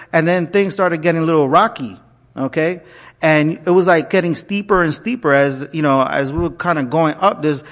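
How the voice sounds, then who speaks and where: A male pastor shares a personal story with his listeners, his fairly high voice rising and falling as he acts out each line of dialogue. He keeps pulling the room in with quick asides, storytelling in a lively, conversational way. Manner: animated storyteller, acts out quoted dialogue, frequent "okay?" asides.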